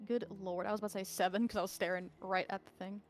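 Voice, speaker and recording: A woman chatting with a friend as she plays a video game, reacting to what she sees in a chatty, giggly way. Her voice sits at a middle pitch. Faint game music plays behind her. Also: steady tone, fast talker. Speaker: game streamer. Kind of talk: casual gameplay chat.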